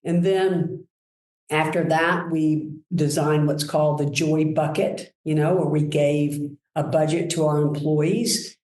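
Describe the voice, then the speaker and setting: A woman guest telling enthusiastic, animated stories about her work in a relaxed conversation. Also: sits low, slow pace, reverberant, low-quality recording. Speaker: guest, brand executive. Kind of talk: conversational storytelling.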